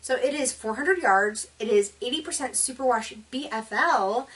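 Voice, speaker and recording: A woman's voice: a little high, moderate pace, fairly bright tone, recorded from a distance. Tired, chatty woman knitting vlogger. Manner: chatty, enthusiastic, rambling with fillers. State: tired, yawning. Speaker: knitting podcast host. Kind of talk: casual knitting vlog chat.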